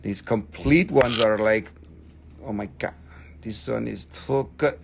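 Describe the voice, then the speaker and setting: A man hosting a live sales stream, excitable and theatrical, swearing freely as he gushes over the goods. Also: on the low side, slow pace, vocal fry, noisy background. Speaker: live-stream seller, host.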